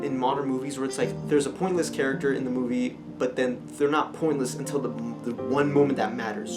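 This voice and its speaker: A man giving a casual, rambling movie review with many fillers and restarts. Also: mid-range voice. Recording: music playing clearly behind.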